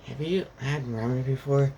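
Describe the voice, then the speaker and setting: A man's voice: mid-range voice, moderate pace, creaky, dark tone, slight background noise, pitched above the performer's own voice, close to an everyday voice. A man voicing Naruto, a cheerful young boy ninja who talks eagerly with a shy streak.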